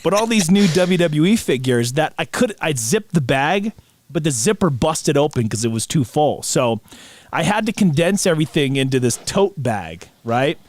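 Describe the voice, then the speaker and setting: A man's voice: on the high side, moderate pace, dry recording. A man co-hosting a podcast, telling a long funny story with laughs in between. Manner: animated anecdote teller, laughs mid-sentence. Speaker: podcast co-host. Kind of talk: casual storytelling chat.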